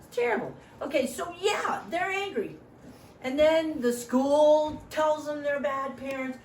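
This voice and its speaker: A woman's voice: high voice, unhurried, reverberant, distant mic, a little hiss or hum, rough recording. A middle-aged woman training volunteers in a meeting room, joking often and acting out what other people say. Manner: animated, joking, acts out quoted voices.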